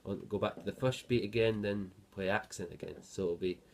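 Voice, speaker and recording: A guitar teacher patiently explains a lesson, counting the beats aloud while he plays. His voice is on the low side, steady in tone and fairly quick, with loud guitar sounding over it.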